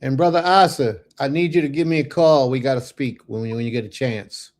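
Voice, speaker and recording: A man hosting a religious livestream, animated and folksy, giving blessings and chatting with his viewers. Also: medium pitch, a little fast. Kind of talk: casual livestream chat.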